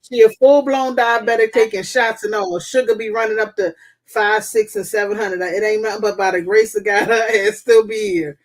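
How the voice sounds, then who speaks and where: A woman's voice: medium pitch, steady tone, moderate pace. A woman hosting a casual live chat, giving blunt, profane, motherly advice. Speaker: host.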